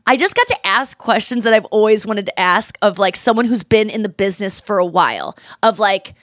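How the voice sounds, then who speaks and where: A woman hosting a podcast, chatting casually and telling lively stories, mimicking other people's voices in quotes. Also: mid-range voice, brisk, no room sound, clean studio sound. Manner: animated storyteller who mimics voices in quotes. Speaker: podcast host. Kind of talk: casual chat.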